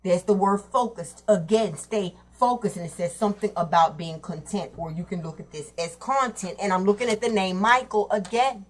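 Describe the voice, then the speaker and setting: A woman's voice: mid-range voice, moderate pace, hardly any pauses. A woman giving a casual tarot reading to her viewers, talking bluntly in streetwise slang and cursing freely. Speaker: tarot reader.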